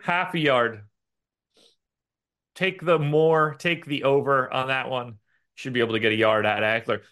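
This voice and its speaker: A man co-hosting a fantasy basketball show, reading a sponsor spot with energy and then chatting casually about lineup picks. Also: fairly high pitch. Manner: energetic ad reads, quick and upbeat. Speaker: fantasy sports podcast co-host. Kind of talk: casual sports betting chat.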